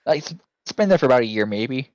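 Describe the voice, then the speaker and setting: A man narrating as game master of a tabletop game, halting and correcting himself as he goes. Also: medium pitch, lively intonation, a little mellow, poor audio.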